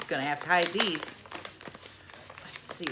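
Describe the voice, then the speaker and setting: Middle-aged lady unboxing stuff, slow easy talker, lowish voice, gushes over each thing. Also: noisy background. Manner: chatty, exclaims over items, laughs at own mispronunciation. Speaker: unboxing vlogger. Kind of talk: casual unboxing chat.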